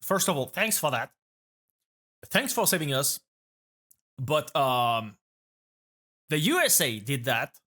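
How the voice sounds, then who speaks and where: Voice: mid-range voice, sing-song, slow pace, long pauses, pushed and bright. A speaker from France with a French accent, casually reacting to a video as a vtuber, rambling and restarting phrases while thinking aloud.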